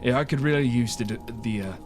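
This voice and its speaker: A man's voice: mid-range voice, a little fast, over music, lightly acted. Guy doing a weary old merchant npc, grumbly, lots of uhs. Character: gruff older male traveling merchant.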